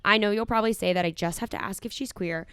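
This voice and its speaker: A woman's voice: medium pitch, quick pace, a bit bright, slight background noise. A young woman co-hosting a podcast who reads a listener's letter and then gives frank, chatty advice. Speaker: podcast co-host. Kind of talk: casual chat.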